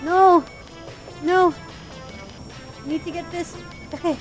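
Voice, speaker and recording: A woman's voice: very high-pitched, steady tone, takes it slowly, faint music behind. A young woman giving frantic, exclaiming gameplay commentary, panicking and giggling as she plays. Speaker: let's play gamer.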